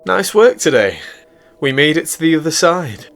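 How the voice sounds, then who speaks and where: A woman's voice: sits low, sing-song, moderate pace, pitched above the performer's own voice. A man voicing a playful young female physicist who teases her partner. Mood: teasing. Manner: playful, teasing. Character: teasing young American woman physicist.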